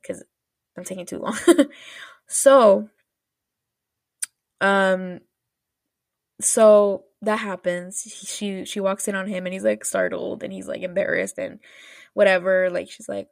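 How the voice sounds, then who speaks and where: A woman's voice: mid-range voice, gravelly, dry recording, studio quality. A woman hosting a podcast, recapping a drama in a rambling, casual way full of fillers and laughs. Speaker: podcast host.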